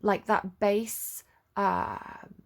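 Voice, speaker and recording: A woman's voice: medium pitch, level tone, drawn-out words, creaky. A woman giving a casual tarot reading, rambling and chatty with lots of fillers. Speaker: tarot reader.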